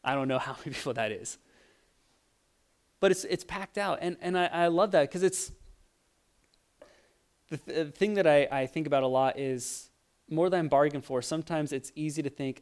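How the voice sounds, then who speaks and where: Smooth-voiced man preaching casually. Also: on the high side, moderate pace, pauses often. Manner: animated storytelling, acts out voices, frequent restarts. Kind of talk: casual sermon with stories.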